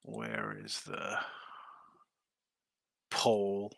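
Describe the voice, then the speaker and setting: A man's voice: a bass voice, big pitch swings, drawn-out words, gravelly, fairly bright tone, dry recording. A man hosting a sports betting live stream, rambling and thinking aloud in casual chat. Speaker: sports betting show host.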